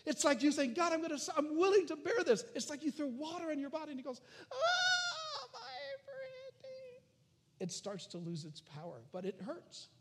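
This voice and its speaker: A man preaching a sermon, animated, swinging from loud calls to hushed near-whispers. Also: very high voice, quick pace, hardly any pauses, slight background noise. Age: adult. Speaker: pastor.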